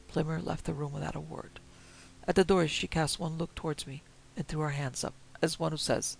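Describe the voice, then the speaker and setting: Man narrating a story, gravelly voice. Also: a little high, steady tone, rough recording. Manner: measured, quiet, gravelly reading. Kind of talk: reading a Victorian story aloud.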